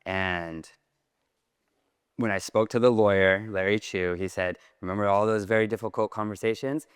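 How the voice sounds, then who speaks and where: A man telling a personal story to an audience in a large hall, in a lively way with many casual fillers. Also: on the low side, normal speed, clean tone, studio quality. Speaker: speaker. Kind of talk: storytelling talk.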